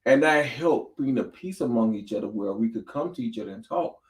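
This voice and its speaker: A man's voice: medium pitch, lively intonation, fairly quick. A man co-hosting a candid talk about marriage, speaking earnestly and plainly. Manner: earnest, plain-spoken advice giving. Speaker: podcast co-host.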